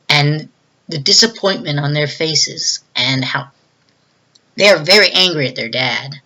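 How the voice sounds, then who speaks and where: A bright, crisp voice telling a film's story from start to finish in a loose, chatty way. The reviewer rambles with plenty of fillers and slips into livelier, higher tones to act out what the characters say. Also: a little slow. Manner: retells scenes, acting out quoted lines in a raised voice. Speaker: movie reviewer. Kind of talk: casual plot recap.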